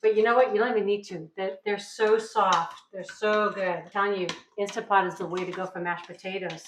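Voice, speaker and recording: A woman's voice: mid-range voice, steady tone, brisk, echoey room, noisy background. A middle-aged woman from New England hosting a casual cooking demonstration, chatty and upbeat, often checking in with "right?". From New England, USA. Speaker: cooking show host. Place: home kitchen.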